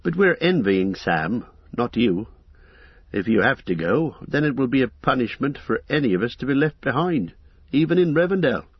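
Storybook role: man playing a loyal young hobbit, earnest and a bit higher, husky, dull recording. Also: big pitch swings, normal speed, dry recording.

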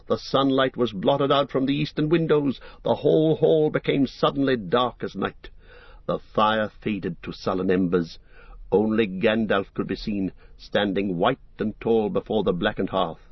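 Man reading an audiobook, slow and solemn, dull dry lo-fi sound. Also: lowish voice, dry recording. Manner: measured, solemn storytelling. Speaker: narrator. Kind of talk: audiobook narration.

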